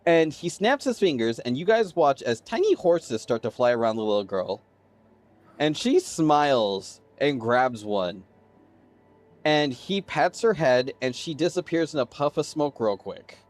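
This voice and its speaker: A man narrating as game master of a tabletop game, describing scenes in an animated way and addressing players by their characters' names. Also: medium pitch, a little slow.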